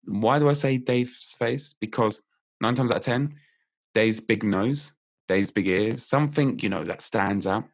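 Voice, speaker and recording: Lively man explaining memory tricks. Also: on the low side, measured pace. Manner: lively and playful, laughs often while explaining. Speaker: podcast guest, memory coach. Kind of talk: explaining memory techniques in casual chat.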